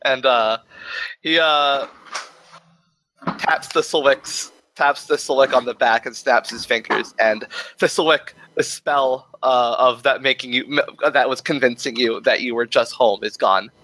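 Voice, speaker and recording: A man's voice: mid-range voice, unhurried, pushed and bright, slight background noise, low-quality recording. A man narrating as game master of a tabletop game over voice chat, rambling with fillers.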